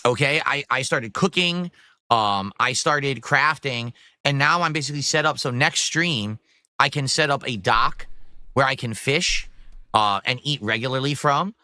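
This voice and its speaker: A man's voice: mid-range voice, unhurried, pushed and bright, no echo, studio quality. A man hosting a casual livestream, rambling about his plans and reading out donor messages. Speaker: streamer host.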